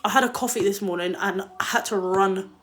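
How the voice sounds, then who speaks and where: A woman's voice: mid-range voice, fairly quick, a bit bright, slight background noise. A young woman chatting casually on a livestream, blunt and swearing freely as she answers viewer comments. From England.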